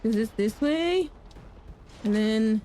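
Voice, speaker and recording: Young woman gaming on stream, kinda high voice, giggly, panicky shrieks. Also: takes it slowly, a little hiss or hum. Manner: excitable, laughing, shrieks at in-game danger; talks to chat, self-mocking. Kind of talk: live gameplay commentary.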